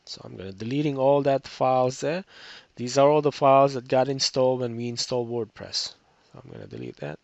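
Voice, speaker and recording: A man's voice: mid-range voice, lively intonation, a little fast, creaky, hardly any pauses, darkish tone, dry recording. A tired man with a cracking voice, casually walking through a computer tutorial with many restarts and fillers. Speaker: web tutorial instructor. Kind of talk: screen-recorded tutorial walkthrough. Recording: dull, lo-fi screencast audio.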